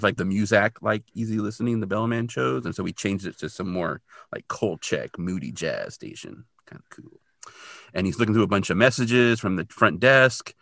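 A man's voice: on the low side, gravelly, fairly bright tone, dry recording, clean studio sound. A man co-hosting a podcast, recapping an episode in a chatty, self-deprecating way with lots of fillers. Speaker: podcast co-host.

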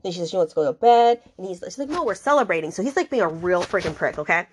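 A woman's voice: fairly low pitch, animated, quick pace, husky. A woman hosting a book podcast, recapping the story in a casual, chatty way, full of fillers, swearing and indignant asides.

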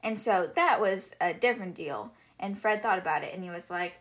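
A woman's voice: lowish voice, expressive, moderate pace, fairly bright tone. A woman hosting a podcast, casually summarizing a book in a chatty, filler-heavy retelling. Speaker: podcast host.

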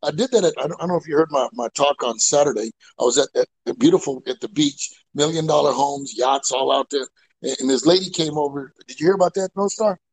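A man hosting a casual comedy podcast chat, telling animated stories and laughing often. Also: on the high side, quick pace, low-quality recording. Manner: animated storyteller, laughs a lot. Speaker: podcast host.

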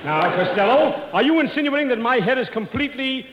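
An actor playing a pompous, grandiloquent bald professor of public speaking in a 1940s radio comedy. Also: male voice, very high-pitched, animated, a little fast, muffled recording, slight background noise. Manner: pompous, grandiloquent, clears throat. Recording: echoey old radio broadcast.

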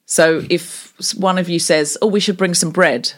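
Chatty lower-voiced woman comedian. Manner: animated, slips into quick voiced mini-scenes while explaining; chatty with frequent fillers and restarts. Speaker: podcast guest, comedian and improv teacher. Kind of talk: conversational interview.

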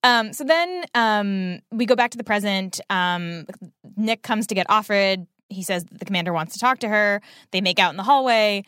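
A woman's voice: medium pitch, moderate pace, clear, resonant tone, no room sound, clean studio sound. A woman co-hosting a podcast, recapping a TV episode in casual chat with lots of fillers. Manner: rambling, filler-heavy, animated retelling. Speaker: podcast co-host.

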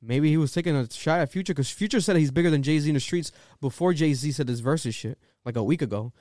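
A man with a slightly high voice talks in a loose podcast chat. He is animated and profane and often drops into quick imitations. The sound is dry and close. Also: no room sound. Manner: animated, profane, breaks into rapping and mimicking. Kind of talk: casual chat.

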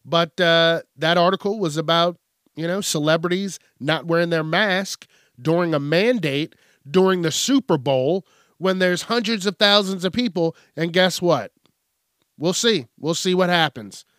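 A man's voice: on the high side, a little slow, a bit bright, no room sound, studio quality. A man hosting an angry, profane news commentary rant.

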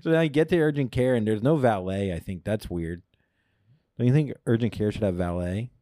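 A man's voice: on the low side, brisk, mellow, dry recording, clean studio sound. A young man co-hosting a comedy podcast, telling a rambling story in casual chat, laughing often and acting out his own lines. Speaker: podcast co-host.

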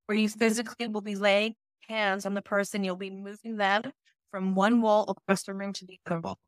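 A woman hosting a podcast who reads out court testimony and discusses it in a measured, serious way. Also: mid-range voice, flat delivery, no echo. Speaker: podcast host.

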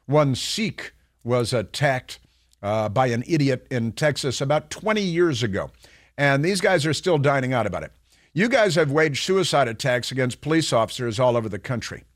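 A man's voice: medium pitch, animated, moderate pace, no echo. Talk radio host, male, sarcastic and mocking, rambling delivery, dry close sound. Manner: sarcastic, mocking, puts on voices to ridicule; rambling with many fillers and restarts. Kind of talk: political talk radio monologue.

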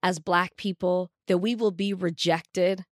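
A woman's voice: on the low side, fairly even intonation, measured pace, no echo, clean studio sound. A woman co-hosting a casual talk show, telling a personal story in an earnest, emphatic way. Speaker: co-host. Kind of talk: casual chat.

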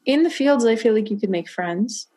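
A woman's voice: fairly high pitch, animated, moderate pace, dark tone. A young woman co-hosting a casual book-club podcast, giggly and rambling, full of "like" fillers. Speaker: podcast co-host.

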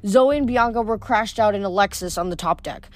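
A woman's voice: mid-range voice, fairly quick. A woman reading a novel aloud in a plain voice, with small stumbles and self-corrections. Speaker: audiobook reader.

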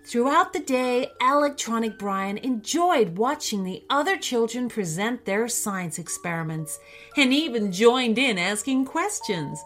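A woman reading a children's bedtime-style story aloud, expressive and unhurried. Her pitch sits a little high and rises and falls a lot. Faint music plays beneath her. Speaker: narrator.

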